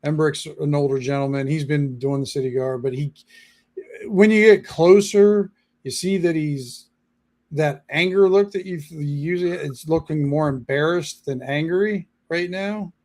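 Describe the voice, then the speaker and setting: A man narrating as game master in a halting, casual way, full of fillers. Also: fairly high pitch, darkish tone. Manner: halting, lots of fillers and restarts.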